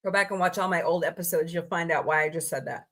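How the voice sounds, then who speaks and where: An American woman hosts a casual comedy livestream, her voice bright, forceful, and on the low side as she talks fast. She reads odd laws aloud with sarcastic wisecracks, often pausing to greet chat members by name.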